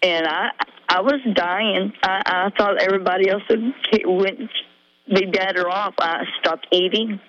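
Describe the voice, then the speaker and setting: Halting middle-aged woman caller, lo-fi line. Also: mid-range voice, steady tone, fairly bright tone. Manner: halting, rambling storytelling with many fillers. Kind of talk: emotional call-in confession. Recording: dull lo-fi radio call.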